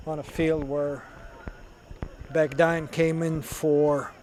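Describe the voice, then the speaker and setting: A man's voice: fairly high pitch, little pitch movement, slow, a little mellow. A man doing color commentary at a youth soccer game, chatty, with joking asides and substitution updates. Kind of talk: casual sports commentary. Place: outdoor soccer field. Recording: faint outdoor noise.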